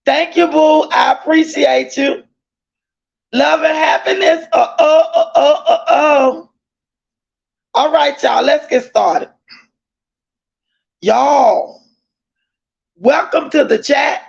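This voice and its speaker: A woman hosting a casual livestream, effusively greeting viewers by name and often calling out loudly, with the odd cough. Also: high voice, takes it slowly, vocal fry, long pauses. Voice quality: coughs between lines. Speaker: livestream host. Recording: dull lo-fi stream audio.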